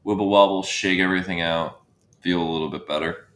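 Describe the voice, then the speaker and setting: A man with a low voice guides a breathwork session, giving calm cues and counting the breaths down. His voice carries a roomy echo. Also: a little fast. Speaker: breathwork instructor.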